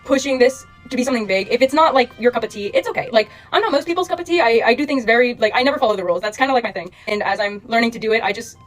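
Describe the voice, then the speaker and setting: A young woman talks fast and earnestly to her followers, rambling from thought to thought with a constant stream of fillers. Her voice sits a little high, with faint music behind her. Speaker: social media creator. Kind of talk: casual monologue to followers.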